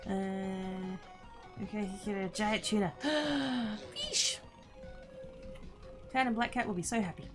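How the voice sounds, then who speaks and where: A woman streaming a game, chattering to herself and her viewers, squealing with excitement now and then. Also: mid-range voice, normal speed. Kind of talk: casual gameplay livestream chatter. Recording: game music playing underneath.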